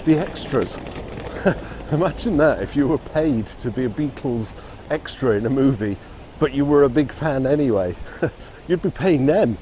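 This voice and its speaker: A man's voice: medium pitch, lively intonation, measured pace, warm tone, a little hiss or hum. A man narrating a casual walking vlog outdoors on city streets. He talks in a chatty way and chuckles often. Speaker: vlogger touring film locations.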